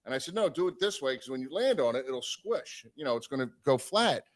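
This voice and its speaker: A man casually telling a long road story on a live stream, animated and swearing, acting out the people he quotes. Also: mid-range voice, brisk.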